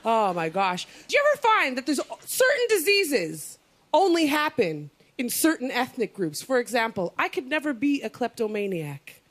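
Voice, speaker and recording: Animated woman doing stand-up. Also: a little high, a little hiss or hum. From Canada. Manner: animated, punchy delivery with quick asides. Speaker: stand-up comedian. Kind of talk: stand-up comedy set.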